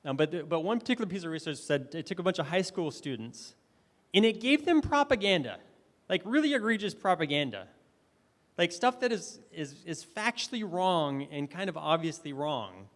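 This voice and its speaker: Here a man with a fairly high, sing-song voice addresses a conference hall at normal speed. His presentation is chatty, with frequent fillers and false starts, and the room sounds reverberant.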